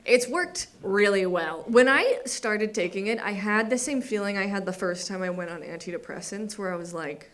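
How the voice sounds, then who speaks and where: A woman's voice: medium pitch, expressive, moderate pace, few pauses, a crowd in the background. A young adult woman doing stand-up comedy, with a wry, self-deprecating delivery and acted-out quotes. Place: comedy theater stage before a live audience. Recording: live room with audience noise. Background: audience laughter.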